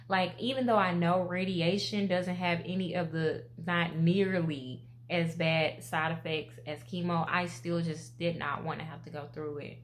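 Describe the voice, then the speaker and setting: A woman in her twenties speaks slowly and expressively in a personal vlog, addressing her viewers directly. Her voice sits a little low, and there is a faint hum behind her. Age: 20s. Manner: emotional, expressive, talks straight to viewers. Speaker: vlogger.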